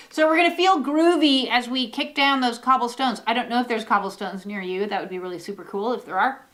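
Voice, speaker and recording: A woman's voice: on the high side, a little fast, fairly bright tone. A woman giving a casual, rambling oracle card reading, full of fillers and the odd swear word.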